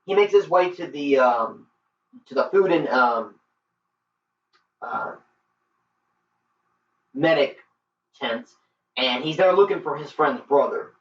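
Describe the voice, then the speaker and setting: Speaking slowly and pausing often, this man has a fairly high voice with lively intonation. He eagerly rambles through an offhand film review, packed with fillers and false starts. The mic is distant, the room is roomy and echoey, and the audio comes across dull and lo-fi.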